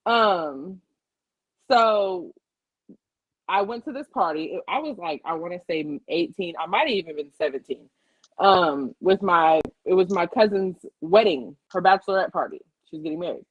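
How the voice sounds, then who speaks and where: Animated young woman telling a story. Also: normal speed, no echo, low-quality recording. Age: young adult. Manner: animated, jumps high to act out quotes. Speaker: podcast co-host. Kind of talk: casual storytelling chat.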